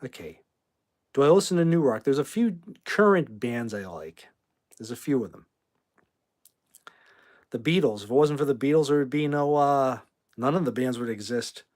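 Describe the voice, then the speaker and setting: A man's voice: mid-range voice, animated, normal speed, pauses often, a little mellow. Rambling man hosting a livestream. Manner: rambling, flares up angrily at chat commenters, swears. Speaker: livestream host. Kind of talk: casual livestream chat. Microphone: phone.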